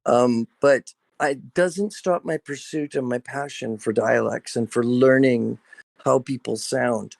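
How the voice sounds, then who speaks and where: Male guest, voice actor, mid pitch, dry close sound, earnest and insistent, video call chat. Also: takes it slowly, gravelly, no echo. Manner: earnest, emphatic, repeats himself.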